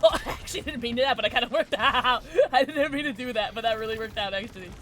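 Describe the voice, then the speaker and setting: A woman's voice: a little high, quick pace. A young woman streaming a game, chatting casually and giggling often as she reacts to play. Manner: giggly, excitable, talks to herself while playing. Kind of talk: casual gameplay chat.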